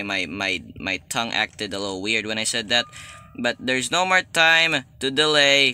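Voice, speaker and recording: A man's voice: mid-range voice, smooth, no echo. A young man doing let's play commentary, joking and talking to the game character as he plays. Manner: jokey, excitable, talks to the game character. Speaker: gaming YouTuber.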